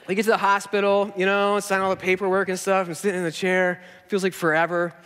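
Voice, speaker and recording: A man in his thirties, a pastor telling a story in a sermon, self-mocking and animated, acting out what people said. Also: high-pitched, fast, few pauses, smooth. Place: large church auditorium. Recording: hall reverb.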